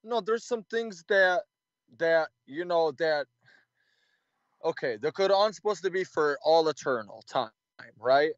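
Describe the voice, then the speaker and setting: A man calling into a debate, speaking haltingly and searching for his words. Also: a little high, lively intonation, muffled recording.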